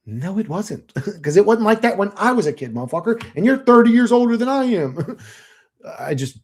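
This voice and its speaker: A man's voice: high voice, big pitch swings, normal speed, darkish tone, breathy edge. A man in his late thirties from Florida, talking through viewer comments in a casual, rambling monologue full of profanity and fillers. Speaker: channel host reading viewer comments.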